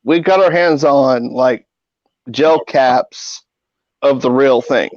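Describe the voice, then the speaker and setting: A man's voice: mid-range voice, takes it slowly, no echo. A middle-aged man hosting a podcast, telling rambling, profane anecdotes in a casual way. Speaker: podcast host. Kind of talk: casual storytelling. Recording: dull lo-fi audio.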